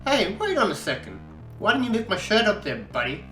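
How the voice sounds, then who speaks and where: A man's voice: sits high, sing-song, brisk, fairly bright tone, pitched above the performer's own voice. A man voicing a cocky, sarcastic male biker vampire hunter in a mocking, taunting manner. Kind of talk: audiobook character reading. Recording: echoey room, faint guitar music.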